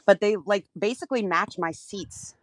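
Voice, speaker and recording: A woman in casual chat, out of breath and talking with excited enthusiasm. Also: medium pitch, moderate pace, no echo.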